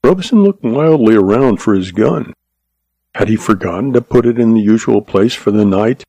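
A man narrates a Western story in a steady, measured way, his voice low and gravelly. The tone is dark and mellow, and the recording is dry and close. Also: no room sound. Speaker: audiobook narrator.

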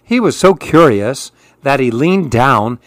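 A man reading children's storybooks aloud with an expressive, lilting delivery. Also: medium pitch, slow, no room sound.

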